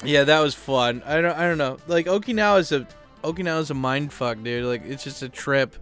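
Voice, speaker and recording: A YouTuber speaking at home in a casual talking-head chat, rambling and profane with plenty of fillers. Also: male voice, a little high, a little fast, a bit bright, faint music behind.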